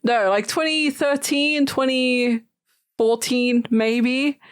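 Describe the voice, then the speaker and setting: A woman co-hosting a podcast, chatting casually about a film and chiming in with quick agreement. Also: sits high, fairly even intonation, clean tone, no room sound. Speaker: podcast co-host. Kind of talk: casual chat recapping a film.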